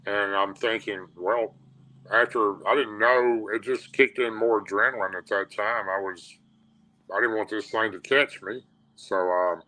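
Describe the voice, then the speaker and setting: A man's voice: lowish voice, sharp tone, low-quality recording. A man with a Tennessee accent, a radio show guest telling a personal encounter story in a plain-spoken, rambling way with restarts. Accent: Southern US, Tennessee.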